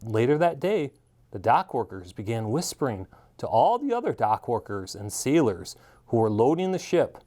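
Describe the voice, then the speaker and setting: A man telling a children's story aloud with great expression, his pitch swooping widely from line to line. He sits at a middling pitch for a man. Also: very animated, moderate pace, warm tone. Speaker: store manager reading a children's story.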